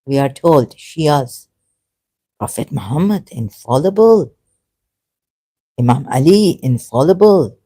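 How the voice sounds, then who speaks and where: A religious commentator in an unscripted personal monologue, talking in a meandering, halting way with many self-corrections, earnest and at times emphatic. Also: medium pitch, animated, mellow, husky. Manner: earnest, grows emotional and emphatic.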